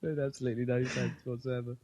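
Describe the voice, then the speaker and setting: A man's voice: mid-range voice, level tone, quick pace, darkish tone, dry recording. A man co-hosting a casual gaming podcast, rambling with fillers and laughing a lot. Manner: rambling, giggly, trails off with fillers. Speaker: podcast co-host. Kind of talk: casual chat.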